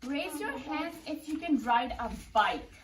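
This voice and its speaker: A woman's voice: high-pitched, measured pace, slight background noise. A young woman teaching preschool, reading a picture book aloud to her class and keeping order with patient firmness. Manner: patient, firm classroom management with expressive read-aloud. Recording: roomy classroom, mic far off.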